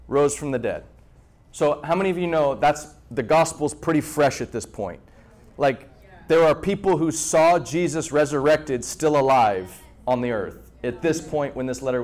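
A man preaching a sermon to a congregation in an animated way, repeating words and pausing for effect. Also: fairly high pitch. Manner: animated preaching with repetitions and dramatic pauses. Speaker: pastor.

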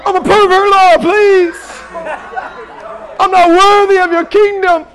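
Preacher mocking an overdramatic penitent man, high, wailing, soft-edged and slowed. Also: flat delivery, some chatter behind, poor audio. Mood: melodramatic wailing. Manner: wailing, melodramatic confession. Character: whiny self-pitying churchgoer man, overdramatic.

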